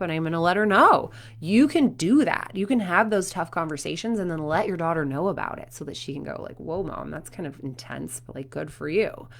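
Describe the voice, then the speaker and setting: A woman in her thirties, a performance coach, talking to parents and telling stories with acted quotes. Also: lowish voice. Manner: animated storytelling with acted quotes.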